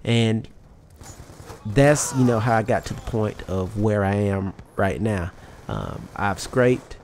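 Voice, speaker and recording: A young man with a thick Southern twang and a lowish voice rambles candidly through a motivational gameplay commentary, swearing freely as he goes. A faint ambient hiss sits under the recording. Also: expressive, slow pace, darkish tone. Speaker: YouTube gaming commentator. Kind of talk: casual motivational talk over gameplay.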